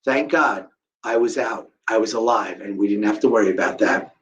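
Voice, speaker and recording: A man's voice: fairly low pitch, normal speed, muffled recording. A middle-aged man giving a live storytelling talk to an audience, acting out the voices of the people in his story. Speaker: guest speaker telling a survivor story.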